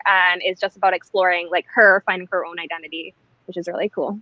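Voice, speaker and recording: A woman's voice: mid-range voice, steady tone, quick pace, a bit bright, no room sound. Chatty young woman from Barbados. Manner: chatty, laughs easily. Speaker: guest booktuber. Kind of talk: casual live-stream chat. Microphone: video call. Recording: dry dull video call audio.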